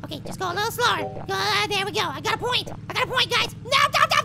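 A squeaky gravelly little cartoon apple. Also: male voice, racing, noisy background. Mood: frustrated. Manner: excitable, frustrated outbursts, silly alliterative exclamations. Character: tiny hyper male apple cartoon character. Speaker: let's play gamer. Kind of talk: cartoon character game commentary. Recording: loud music under the voice.

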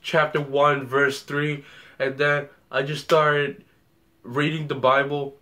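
A man's voice: a little high, level tone, slow, pushed and bright. A young man telling a story about a dream in a rambling way, repeating words and acting out the scenes. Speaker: vlogger.

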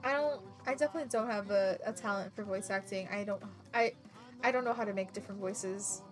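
A woman streaming a video game, chatting excitably, laughing often and swearing casually. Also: mid-range voice, a little fast. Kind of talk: casual gameplay commentary.

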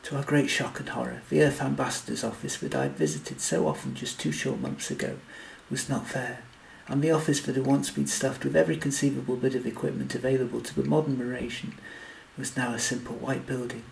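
A man reading a story aloud in steady scripted narration. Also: mid-range voice, a little fast, gravelly, a little hiss or hum, rough recording. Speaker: audiobook narrator.

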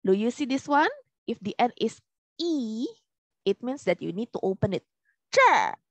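A woman's voice: on the high side, lively intonation, darkish tone, dry recording. A woman teaching Mandarin vocabulary, drawing out each tone with patient repetition in a drill. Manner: slow, over-stretched tones, patient repetition. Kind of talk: classroom language drill.

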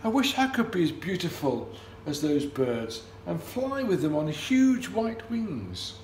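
A shy little duckling in a storybook, his voice lifted high and thin, small and wavering, often trailing into a sigh, as a man puts him on. It rings in an echoey room with a faint hiss behind. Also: very animated, unhurried, a little mellow. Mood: wistful. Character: timid young male ugly duckling, later a swan. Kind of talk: storybook read-aloud.

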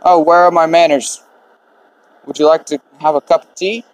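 A man's voice: on the high side, steady tone, moderate pace, no room sound, natural voice, rough recording. A man voicing a grieving elderly widow who is being evicted from her home. He speaks in an apologetic, motherly way while reading the game's dialogue aloud. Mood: tearful.

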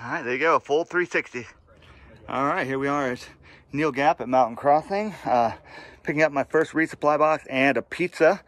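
In a dry recording, a man with a slightly high, somewhat bright voice talks at a moderate pace while vlogging on a mountain trail. He's out of breath from the hike, chats casually with viewers he calls "guys," and fills his narration with fillers.

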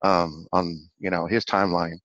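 A rambling, excitable man with a lowish voice recaps events in a casual vlog, laughing often and stumbling over repeated words. The recording is dry and somewhat dull, with a lo-fi edge. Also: moderate pace, no echo. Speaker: channel host.

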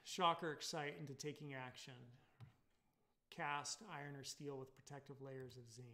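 A man's voice: medium pitch, fairly even intonation, normal speed, pushed and bright. A man with a Californian accent giving a casual recorded college lecture, rambling with many fillers and tag questions. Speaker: college instructor.

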